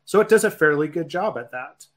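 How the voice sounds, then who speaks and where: A man co-hosting a tech podcast, explaining in a measured way and often checking in with "right?". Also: on the high side, lively intonation. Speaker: podcast co-host. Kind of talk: casual tech podcast chat.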